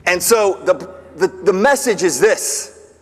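High-voiced man preaching in a reverberant hall. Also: animated, fairly bright tone, breathy edge. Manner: storytelling, acts out quoted voices, pauses and restarts. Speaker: pastor. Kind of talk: sermon.

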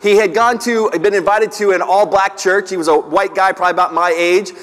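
A middle-aged man delivers a sermon in a fairly high voice. He tells stories, acts out the voices in them and restarts his sentences often. The sound rings with the long reverb of a large hall. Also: steady tone, fairly bright tone. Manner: storytelling, acts out quoted voices, pauses and restarts. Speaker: pastor.

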